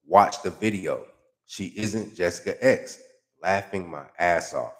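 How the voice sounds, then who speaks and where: A man reading out and mocking comments in casual, profane commentary, with heavy slang and a sarcastic, animated delivery. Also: low-pitched, measured pace. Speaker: YouTube commentator.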